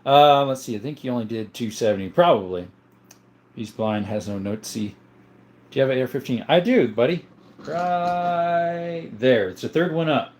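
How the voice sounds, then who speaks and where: A man hosting a casual livestream from home, reading viewer comments aloud in an easygoing way, chuckling often and thinking out loud. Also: mid-range voice, animated, moderate pace. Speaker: livestream host.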